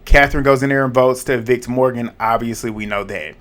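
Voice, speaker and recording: A man hosting a casual reality TV recap vlog, talking in slang with a lively, profane way of telling the story. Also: mid-range voice, fast. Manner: animated, profane, slangy storytelling with quoted reactions.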